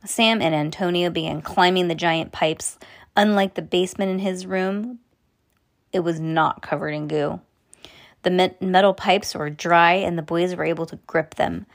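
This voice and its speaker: A woman's voice: fairly low pitch, fairly even intonation, moderate pace, vocal fry. A woman reading a children's book aloud expressively, stopping for casual asides. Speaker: reader.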